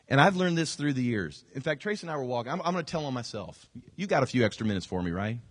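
A man's voice: mid-range voice, quick pace, breathy edge, dry recording. A man preaching a sermon as a pastor, telling stories with acted-out quotes and repeated phrases. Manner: animated storytelling, acting out quotes and repeating phrases.

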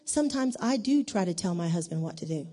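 A woman giving a conversational church teaching in an animated way, acting out the dialogue in her stories. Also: on the low side, fast. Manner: animated, acts out quoted dialogue. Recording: long reverb of a large hall.

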